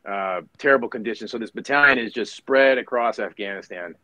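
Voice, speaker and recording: Animated man telling war stories. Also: mid-range voice, brisk, no echo, low-quality recording. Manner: animated storyteller who acts out voices in anecdotes. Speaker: guest, former Marine officer. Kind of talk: casual interview storytelling.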